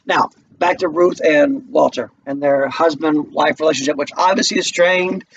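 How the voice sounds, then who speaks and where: A male English teacher giving a relaxed, chatty recorded lesson from home, checking in with his students as he goes. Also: on the high side, moderate pace, creaky, lo-fi sound, slight background noise. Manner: relaxed and chatty, asks the class questions.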